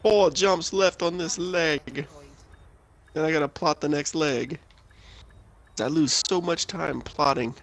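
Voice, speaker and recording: A man's voice: on the high side, slow pace, long pauses. A young man streaming a game, bantering with a friend in a profane, joking way. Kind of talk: casual gaming chat.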